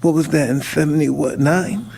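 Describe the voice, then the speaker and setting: Husky man in his fifties, slightly high voice, rambling intense talk, broken sentences. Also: normal speed, a little mellow. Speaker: retired boxer, podcast guest. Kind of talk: emotional conversation.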